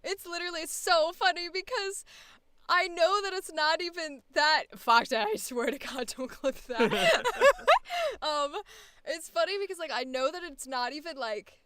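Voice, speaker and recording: A woman's voice: very high voice, sing-song, a little slow, sharp tone, a little hiss or hum. A young woman voice actor chatting casually in a coaching session, rambling with many fillers and laughing often. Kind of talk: casual chat.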